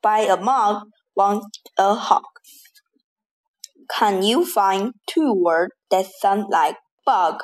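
A woman reading a rhyming-word lesson for children, saying each word slowly and deliberately. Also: mid-range voice. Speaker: teacher reading rhymes.

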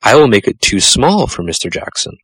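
A man's voice: medium pitch, very animated, moderate pace, a bit bright, breathy edge, dry recording. A man voicing a prim, fussy, house-proud little female mouse who speaks in a fretful, proper way.

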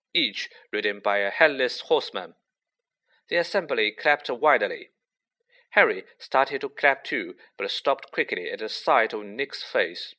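Expressive, slow male audiobook narrator. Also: medium pitch. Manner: expressive storytelling. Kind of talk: audiobook reading.

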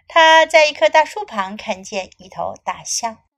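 A woman English teacher reading a children's story aloud, line by line, in a slow and clear storytelling manner. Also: fairly high pitch, lively intonation, fairly bright tone.

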